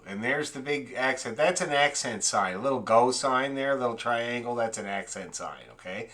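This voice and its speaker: A male fiddle teacher giving an online lesson, explaining bowing patterns and counting beats aloud in a relaxed, explanatory way. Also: medium pitch, moderate pace, few pauses.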